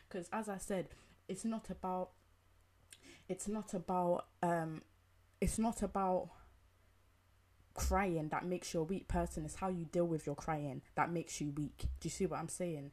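A woman's voice: lowish voice, unhurried, a little mellow. A young woman giving an emphatic opinion monologue, repeating herself and asking rhetorical questions. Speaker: commentator.

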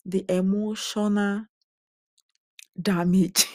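A woman's voice: lowish voice, moderate pace, creaky, mellow, dry recording, studio quality. A young woman, talking candidly to her viewers in a personal vlog and sounding emotionally drained. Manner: earnest and confiding, talks straight to viewers. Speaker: vlogger.

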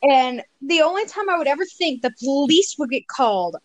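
A woman's voice: high-pitched, expressive, moderate pace, no room sound, low-quality recording. A woman co-hosting a casual podcast chat, teasing and joking with a giggly manner. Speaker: co-host.

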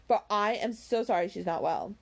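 A woman's voice: mid-range voice, normal speed, gravelly. A woman reading aloud, voicing a giggly, simpering young woman who fishes for teasing. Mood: gushing.

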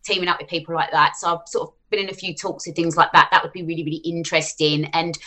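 A woman's voice: lowish voice, flat delivery, fast talker, pushed and bright. A woman, chatting frankly and animatedly as an interview guest about her work online. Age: 40s. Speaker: finance influencer guest. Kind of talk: casual interview chat.

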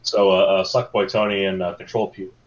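A man with a fairly low voice chats casually on a podcast and wanders through his stories in a rambling way. The sound is dull and lo-fi. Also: flat delivery, a little fast. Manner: rambling, meandering storytelling. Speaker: podcast co-host.

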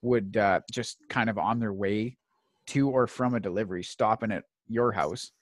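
A man telling stories in casual chat, animated and swearing, acting out quotes. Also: fairly low pitch, normal speed, dry recording, studio quality. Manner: animated, swearing storyteller who acts out quotes.

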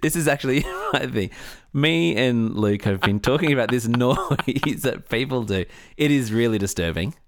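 A man's voice: mid-range voice, lively intonation, normal speed, hardly any pauses, no echo, studio quality. A man co-hosting a podcast, blunt and joking, laughing easily. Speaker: podcast co-host. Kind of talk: casual chat. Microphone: studio microphone.

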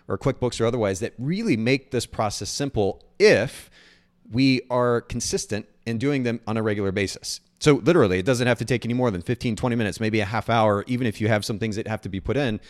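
A man hosting a podcast, chatting enthusiastically and often restarting his sentences. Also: medium pitch. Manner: fast, enthusiastic, repeats words and restarts. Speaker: podcast host. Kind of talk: casual interview chat.

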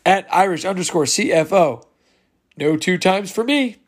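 A man hosting a laid-back solo sports podcast, his voice sitting a little high for a man. He chats loosely as he reads out listener replies, chuckling along with them. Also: animated, normal speed. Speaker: podcast host. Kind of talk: casual solo podcast chat.

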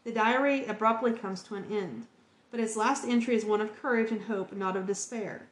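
A woman's voice: medium pitch, moderate pace, echoey room. A woman hosting a podcast, reading encyclopedia entries aloud in an earnest, heartfelt way. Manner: earnest, emotionally moved reading.

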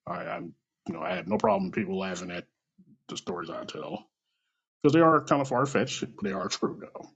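A man telling a rambling, animated story late at night over a phone mic, swearing often and acting out the voices of people in it. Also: a little high, fairly quick, creaky, breathy edge, dull audio. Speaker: storyteller on an audio app.

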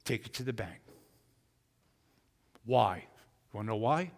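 A man preaching a sermon who acts out voices and swings from loud to hushed. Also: lowish voice, animated, measured pace, big-room sound. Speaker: pastor. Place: church.

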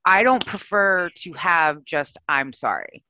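A woman's voice: fairly low pitch, animated, slow pace, bright, forceful tone, dry recording, rough recording. A woman co-hosting a casual chat, telling stories animatedly and acting out her own reactions.

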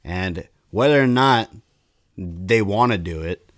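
A man chatting casually, giving relaxed, matter-of-fact advice. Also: low-pitched, slow, dry recording, studio quality. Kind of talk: casual chat.

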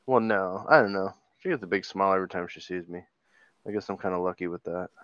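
A man's voice: deep voice, fast talker, fairly bright tone, no echo, muffled recording. A man co-hosting a podcast, talking in a laid-back, profane way and stumbling over repeated words. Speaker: podcast co-host. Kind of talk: casual chat.

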